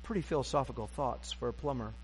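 A man's voice: mid-range voice, fast talker, slight background noise. A pastor preaching a sermon to his congregation, conversational and self-deprecating with wry humor, recorded in a church sanctuary. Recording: long reverb of a church sanctuary.

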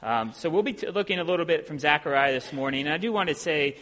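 A man from Ohio preaching as a visiting preacher, talking in a relaxed, self-deprecating way with plenty of ums. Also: a little high, quick pace. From Ohio, USA. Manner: conversational and self-deprecating, with many filler sounds. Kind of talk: sermon. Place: church sanctuary. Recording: long hall reverb in a church.

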